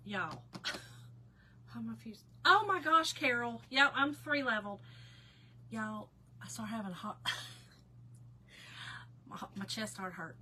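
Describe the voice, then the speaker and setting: A woman hosting a casual livestream, telling a story to her viewers in an animated way and often breaking into laughter. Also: fairly high pitch, a little hiss or hum. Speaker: livestream host.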